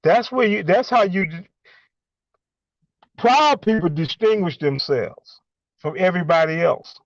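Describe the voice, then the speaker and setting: A man calling in and speaking emphatically in a preachy way, halting with many fillers between points. The audio is a dull, lo-fi call line. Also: high-pitched, expressive, dry recording. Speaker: caller. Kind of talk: impassioned call-in monologue.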